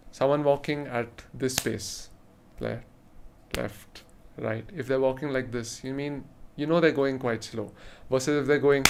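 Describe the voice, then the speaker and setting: A man of ordinary pitch teaches rhythm in a spoken lesson. He explains step by step and breaks into chanted rhythm syllables to show each pattern. A faint hiss sits under the recording.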